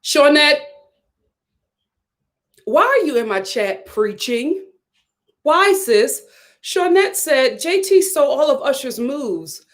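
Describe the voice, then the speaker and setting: A young woman from Philadelphia hosting a live stream, reading viewer comments with sassy, animated chat and frequent laughter. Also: high-pitched, slow, pauses often.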